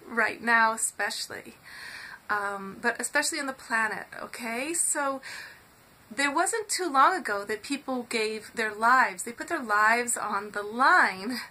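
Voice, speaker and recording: A woman hosts her own show with a motivational talk. Her voice sits high and rings bright, and she speaks in an earnest, animated way, urging her listeners to act. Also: measured pace, low-quality recording. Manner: earnest and animated, acts out quoted shouting in a raised voice. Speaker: host.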